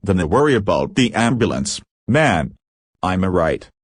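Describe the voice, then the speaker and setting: A badly hurt prisoner in clerical dress, voiced by a man reading a story aloud, pushing out urgent, broken phrases between heavy breaths. The voice sits low, and the recording is close and dry. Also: sing-song, normal speed, breathy edge, no echo, full character voice. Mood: urgent, pained. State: injured, breathing heavily. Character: wounded male prisoner posing as a clergyman.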